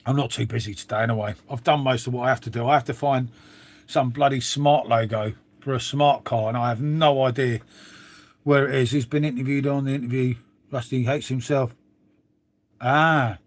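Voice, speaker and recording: A man's voice: medium pitch, steady tone, moderate pace. A middle-aged man chatting casually to viewers on a live stream, swearing freely and trailing off into asides. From England. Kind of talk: rambling casual chat to viewers.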